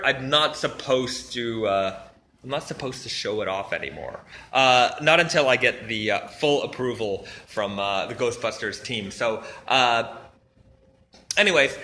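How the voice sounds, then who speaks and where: A man's voice: mid-range voice, sharp tone, a little hiss or hum. A man hosting a casual livestream, reading out viewer questions and answering them in an easygoing, chatty way. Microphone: phone livestream.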